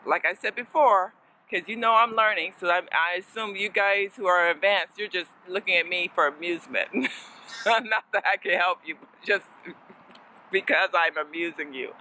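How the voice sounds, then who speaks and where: A woman's voice: mid-range voice, expressive, unhurried, sharp tone, slight background noise, poor audio. A woman casually teaching a lesson as a fellow learner, chatty and playful, laughing often and slipping in Spanish words.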